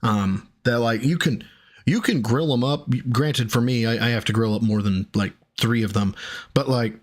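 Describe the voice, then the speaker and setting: A man streaming, pausing a clip to talk back at it in exasperated, profane casual commentary. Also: medium pitch. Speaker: streamer reacting to a video.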